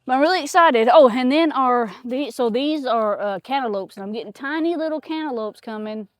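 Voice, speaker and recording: A woman's voice: sits high, brisk, no room sound. A woman chatting casually outdoors in her garden, rambling with lots of fillers. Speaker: homesteader vlogger. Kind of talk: casual chat.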